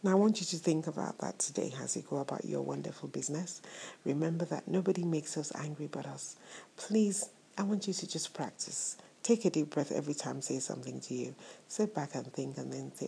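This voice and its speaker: A woman's voice: low voice, fairly quick, vocal fry, slight background noise. A woman hosting an inspirational faith-based talk, speaking to her listeners with affectionate words and preacher-like repetition for emphasis. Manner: warm, affectionate addresses to listeners. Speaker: host of a motivational show.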